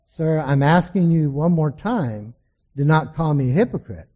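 A man preaching voices a stern male pastor who gives firm, measured warnings. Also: a little high, lively intonation, dark tone.

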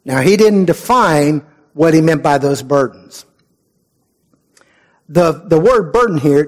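A male pastor preaching a sermon in an earnest, conversational way, with prayerful pauses and moments where he drops to a soft voice. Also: a little high.

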